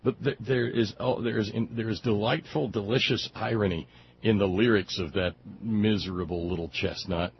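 A man's voice: fairly low pitch, steady tone, normal speed, husky, dull audio. A man hosting political talk radio who delivers sardonic, indignant commentary and often stumbles over his words in restarts. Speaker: radio talk show host.

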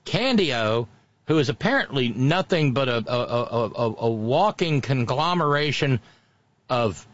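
A man's voice: mid-range voice, expressive, a little slow, no room sound, dull audio. A man hosting a podcast, giving sarcastic, mocking commentary in casual chat. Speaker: podcast host.

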